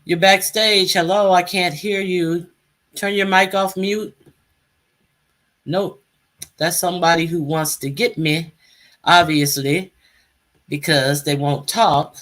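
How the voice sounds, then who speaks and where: A woman's voice: fairly low pitch, steady tone, takes it slowly, pauses often, fairly bright tone. Woman, live stream host, casual chat, calls out guests by name.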